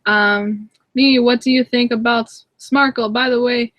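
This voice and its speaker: A young woman hosts a casual live hangout from home on a webcam, giggling often and answering viewer comments with lots of fillers and restarts. Her voice is a little high, with fairly even intonation, at a moderate pace. There's no room sound, and the highs are cut off.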